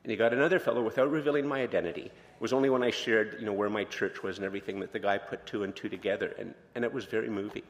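A man's voice: fairly low pitch, steady tone, very fast, few pauses, in a large hall. A man pastor giving a conversational sermon, telling personal stories in an informal, candid way with lots of fillers and restarts. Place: church sanctuary.

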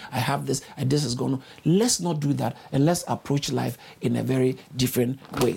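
A man preaching a sermon, urging his listeners on and repeating phrases, with his voice leaping high for emphasis. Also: gravelly, a little mellow, slightly rough.

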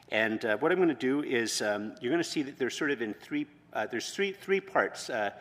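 Man preaching in a reverberant hall. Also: medium pitch. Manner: conversational, many fillers and restarts. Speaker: pastor. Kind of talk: sermon.

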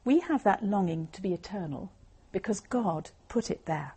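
Warm, husky-voiced woman giving a Bible talk. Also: medium pitch, lively intonation. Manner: earnest, measured, explanatory. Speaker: lay speaker giving a Christian talk. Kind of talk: evangelistic talk with Bible reading.

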